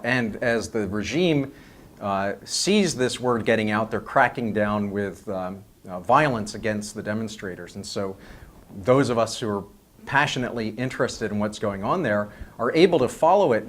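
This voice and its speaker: A man speaking on a tech panel in a measured way, with frequent fillers. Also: on the low side. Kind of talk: casual tech panel chat.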